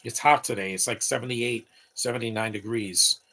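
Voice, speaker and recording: Gravelly opinionated man in his late thirties. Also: mid-range voice, fairly even intonation, moderate pace, pushed and bright. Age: late 30s. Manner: opinionated, rambling, talks back at the film. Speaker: movie commentator. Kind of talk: live movie commentary.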